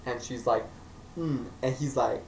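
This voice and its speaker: A man's voice: mid-range voice, normal speed, a little mellow. A man reviewing a movie in a casual, joking way, acting out characters in silly voices. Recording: echoey room, mic at a distance, faint noise.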